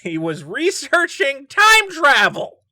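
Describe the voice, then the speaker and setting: A man riffing through a true-crime story in a vlog, joking and laughing as he goes. His voice is high and bright, with big swings of pitch, heard dry and close. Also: slow, dry recording. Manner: joking, laughs often, animated asides. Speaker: vlogger. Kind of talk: casual true-crime commentary.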